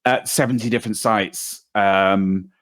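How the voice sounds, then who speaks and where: A man's voice: on the low side, steady tone, unhurried, a bit bright, no echo, clean studio sound. A British man co-hosting a casual podcast chat, rambling and breaking off mid-sentence, often laughing. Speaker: podcast co-host.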